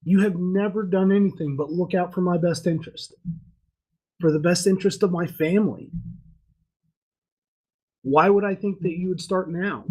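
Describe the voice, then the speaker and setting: A man's voice: sits high, moderate pace, pauses often, mellow, slightly rough. A man talking earnestly and emphatically to a friend on a casual podcast. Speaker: podcast co-host. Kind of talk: casual chat.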